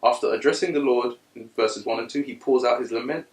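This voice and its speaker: Guy preaching a sermon, goes from quiet reading to loud high bursts, echoey room, mic kinda far. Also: a little fast.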